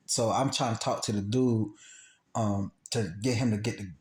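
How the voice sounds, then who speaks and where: A man's voice: on the low side, normal speed. A man casually telling a personal story, acting out quotes and sound effects and often repeating himself. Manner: animated, acts out gunshots and quotes, repeats himself. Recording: roomy echo.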